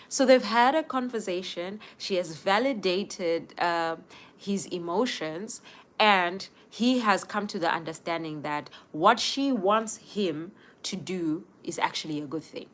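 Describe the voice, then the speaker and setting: A woman's voice: fairly low pitch, unhurried. A young woman hosting a casual live stream, speaking earnestly and giving advice straight to her viewers. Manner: earnest, advising viewers directly.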